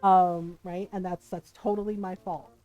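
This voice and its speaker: Faint music plays behind a low-quality recording as a woman in her fifties streams a game and chats, telling stories peppered with "right?" tags. Her lowish, warm voice comes out flat and at a measured pace.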